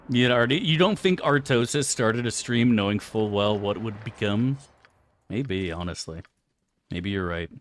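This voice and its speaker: A man's voice: lowish voice, a bit bright, no room sound. A man chatting casually on a live game stream, crude and profane, rambling through asides to his chat.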